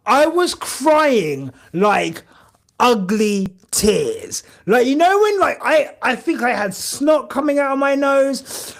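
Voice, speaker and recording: Man, high voice, gravelly edge, unhurried, rambling live-stream chat. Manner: rambling and emotional, many fillers. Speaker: podcast host streaming live.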